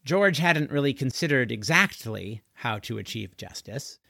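Slow, gravelly male storybook narrator. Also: medium pitch, lively intonation, bright, forceful tone, no echo, studio quality. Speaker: audiobook narrator. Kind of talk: storybook reading.

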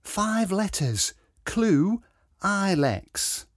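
A kindly, fussing elderly woman from a storybook, put on by a man reading aloud. Her voice sits higher and flutters up and down with motherly chatter. The tone is slightly husky and close, with a dry sound. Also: sing-song, drawn-out words, dry recording, heavily acted. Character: kindly older woman homeowner, fussing and gentle.

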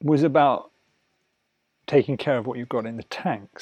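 A man teaching a relaxation lesson, talking slowly and soothingly, sometimes dropping to soft murmurs between louder asides. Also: medium pitch, breathy edge, no room sound. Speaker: wellness teacher. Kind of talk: guided talk on breathing and relaxation.

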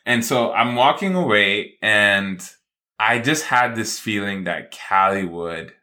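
Man, bright tone, slightly low pitch. Casual animated storyteller. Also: takes it slowly. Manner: animated, acts out his own thoughts. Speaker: co-host telling a story.

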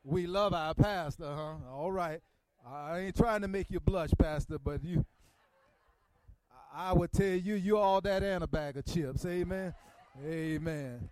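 A man delivers a sermon, his voice sitting high yet soft and mellow in tone. The sound is dry and close, with little room echo, and he talks in a folksy, conversational way, straight to the congregation. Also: a little slow. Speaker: guest preacher. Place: church sanctuary.

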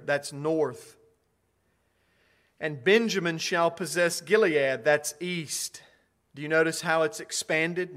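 Slow, emphatic male preacher. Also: a little high. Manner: slow, emphatic preaching that rises to loud declarations. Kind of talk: sermon.

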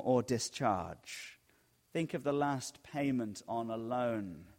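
A middle-aged male pastor preaching a sermon in an easygoing, storytelling way, often dropping his voice low and soft. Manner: conversational storytelling with sudden soft drops.

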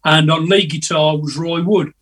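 Over a video call, an older musician guest chats through meandering anecdotes, hesitating and frequently laughing at his own stories. He speaks at a normal speed in a fairly high, fairly bright, steady voice, a bit far from the microphone.

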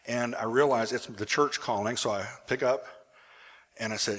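A male pastor telling a personal story in a sermon, animated at times and hushed in the emotional moments. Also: on the low side, moderate pace, husky.

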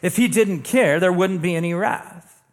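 A young man delivers a sermon from the pulpit with a fairly high voice. He talks to the congregation in a relaxed, conversational way, then slows down and drops his voice for weighty lines. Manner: conversational preacher, dramatic pauses, acts out quoted dialogue. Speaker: pastor.

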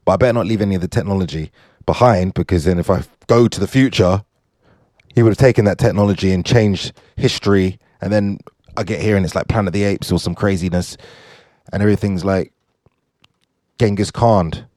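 A man casually reading out fun facts, joking and riffing on them in quick asides. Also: sits low, no echo. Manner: animated, jokey, asides to himself. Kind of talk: casual fun-fact commentary.

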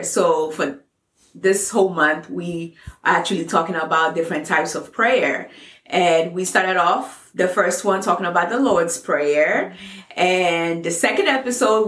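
This woman co-hosts a faith podcast, chatting casually and laughing as she explains a Bible story. Her pitch is fairly low, her tone fairly bright. The room she's recorded in is echoey.

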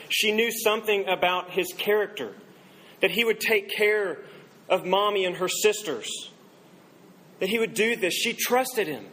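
A man preaching a sermon, telling a story and quoting its people in a softer voice. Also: high-pitched, low-quality recording. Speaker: pastor.

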